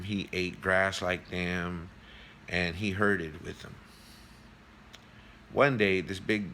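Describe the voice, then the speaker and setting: A man's voice: fairly low pitch, sharp tone, a little hiss or hum. A man hosting an earnest, preachy monologue, telling a moral parable. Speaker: host.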